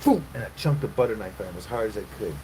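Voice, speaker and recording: A man's voice: lowish voice, expressive, racing. Crude rambling man on a noisy livestream. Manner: crude, rambling storyteller with loud acted quotes. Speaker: livestream host. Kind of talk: casual livestream chat with viewers.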